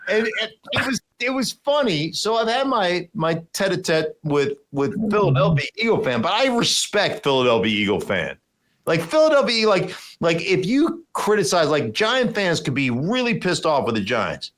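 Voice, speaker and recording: A middle-aged man chatting on a sports podcast, full of stories and put-on voices. His voice sits a little high and swings widely in pitch as he acts things out. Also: normal speed. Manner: animated storyteller, acts out voices in big jumps of pitch. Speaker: podcast host, former football player. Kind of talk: casual sports chat.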